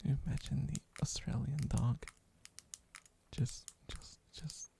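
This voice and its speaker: An ASMR streamer rambling in a soft whisper, playful and giggly, meowing on viewers' requests, close to the microphone. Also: medium pitch, fairly even intonation, slow pace, creaky.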